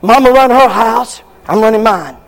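An older man preaching a fiery sermon, shouting at times and acting out members of the congregation. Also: extremely high pitch, normal speed, vocal fry.

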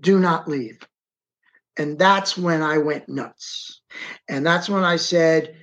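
Slow, emphatic man telling his story. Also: fairly high pitch, fairly bright tone. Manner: emphatic, re-enacts his own words and directs a map on screen. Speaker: interview guest, eyewitness. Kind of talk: dramatic first-person storytelling.

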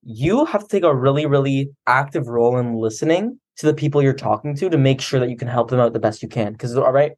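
A man's voice: mid-range voice, quick pace, hardly any pauses, darkish tone. A man co-hosting a podcast, talking loosely and at length in casual chat. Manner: loose, talkative, laughs at himself. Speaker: podcast co-host.

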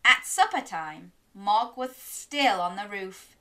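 Bright, animated woman reading to children. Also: mid-range voice, slow pace, few pauses. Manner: sing-song, gasping, encouraging, lively. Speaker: storyteller for young children. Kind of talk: children's story reading with interactive prompts.

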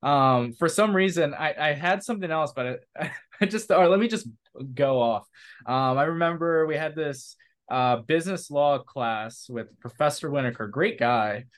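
A young adult man co-hosting a podcast, telling college stories in an upbeat, animated way and often joking. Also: fairly high pitch, normal speed. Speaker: podcast co-host. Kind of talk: casual chat.

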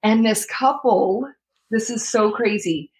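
In a slow, somewhat high voice captured on poor audio, a young adult American woman guests on an interview. She tells a heartfelt personal story, impersonating the people in it and laughing between lines.

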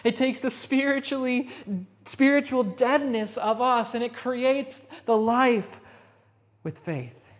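Woman pastor preaching with slow emphasis. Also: a little high. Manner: emphatic repetition, slowing for stress. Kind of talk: sermon. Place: rehearsal hall.

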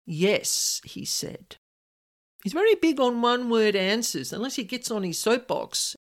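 A woman hosting a podcast, telling a personal story in a chatty, animated way and quoting voices. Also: on the high side, moderate pace. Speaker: podcast host.

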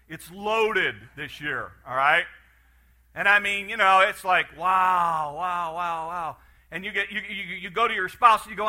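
A man preaching a sermon, animated and storytelling, with frequent restarts and acted-out farm scenes. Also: a little high.

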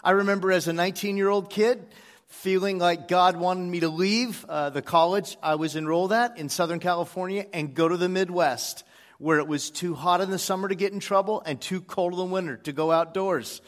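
A man, one of the church's pastors, preaching a sermon to his congregation in a relaxed storytelling way, with frequent "uh" fillers. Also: high voice, fairly quick, long reverb tail. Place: church sanctuary.

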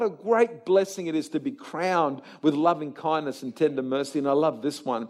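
A man preaching a sermon to a live congregation, swinging from quiet talk to shouted exhortation and firing rhetorical questions at the crowd. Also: on the high side, normal speed, few pauses. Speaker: pastor. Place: church service before a live congregation.

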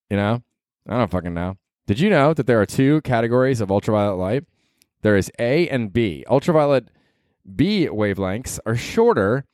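A man's voice: mid-range voice, darkish tone, dry recording, clean studio sound. A man in his thirties hosting a solo podcast, rambling casually, swearing freely and laughing at his own jokes. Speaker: podcast host.

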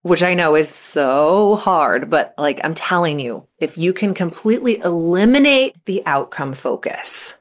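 A woman coach in casual podcast talk, chatty with lots of filler words, jumping into high excited bursts when she acts out what people say. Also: a little slow, few pauses. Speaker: mental skills coach for young athletes.

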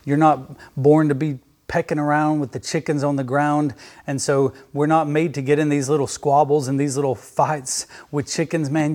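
A man's voice: a little high, a little mellow. A man preaching a fervent sermon on his podcast, speaking straight to the listener. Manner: fervent, emphatic, addresses listener as "my friend".

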